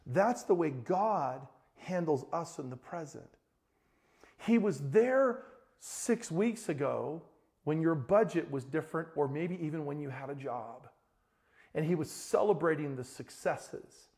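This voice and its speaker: A middle-aged male pastor delivers a sermon with a slightly high voice. He tells stories with lively energy. He drops low and soft for scripture, then climbs high and loud in the anecdotes. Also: a little slow. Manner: storytelling, animated, rises to excited shouting in anecdotes.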